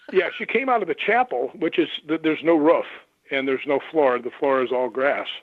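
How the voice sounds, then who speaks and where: Guy on a phone call telling ghost hunt stories, does the voices, kinda high, sounds like a phone line. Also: moderate pace, dry recording. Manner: animated anecdotes, acts out quoted voices. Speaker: guest paranormal investigator. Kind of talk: storytelling on a radio call-in.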